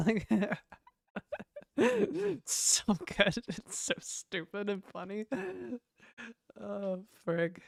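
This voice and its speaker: Speaking at a medium pitch, this woman has a slow, sing-song, creaky delivery and pauses often. She's streaming her game development, rambling between reactions, chatting with viewers, answering chat and swearing now and then. The recording is dry and studio-clean.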